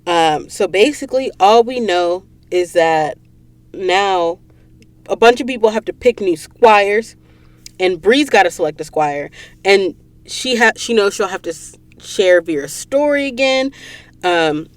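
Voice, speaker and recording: A woman's voice: medium pitch, lively intonation, measured pace, no echo. A woman hosting a podcast, retelling a novel's events in a chatty, casual storytelling way from a recording booth. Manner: chatty storytelling, lots of "um" and "she's like". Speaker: podcast host. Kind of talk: casual book recap podcast.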